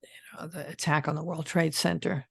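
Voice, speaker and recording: A woman's voice: low-pitched, level tone, a little fast, creaky, breathy edge, no room sound, clean studio sound. An older woman speaking frankly as an interview guest, a former death investigator recalling her work. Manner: frank, plainspoken, swears freely. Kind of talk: casual interview talk.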